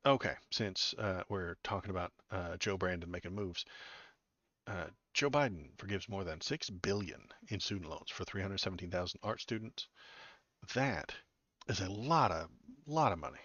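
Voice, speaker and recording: A man's voice: low-pitched, lively intonation, normal speed, fairly bright tone, dry recording. A man hosting a political livestream, reading news aloud and answering it with sarcastic, rambling commentary full of fillers and restarts. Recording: dull lo-fi, dry.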